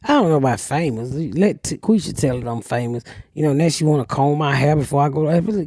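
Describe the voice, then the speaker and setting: A middle-aged woman hosting a comedy podcast, telling stories bluntly with lots of cursing and loud acted-out quotes. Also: low voice, a little fast, dry recording, studio quality. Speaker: podcast host. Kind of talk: casual comedic chat.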